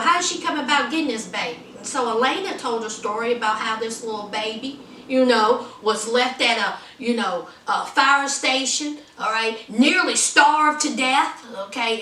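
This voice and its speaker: A woman chatting through a lively, sassy recap of a TV episode, full of asides to the viewer. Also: on the high side, echoey room, distant mic, a little hiss or hum. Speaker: TV episode reviewer.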